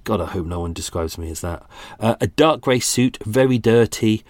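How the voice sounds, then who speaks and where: A man's voice: lowish voice, lively intonation, normal speed, a little mellow, dry recording. A man in his forties hosting a true-crime podcast, talking casually with many restarts and self-deprecating asides. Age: 40s. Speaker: podcast host.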